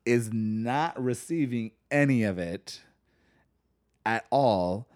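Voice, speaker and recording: A man's voice: mid-range voice, animated, takes it slowly, darkish tone, no echo, studio quality. A man chatting casually, rambling and searching for words as he talks. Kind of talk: casual chat.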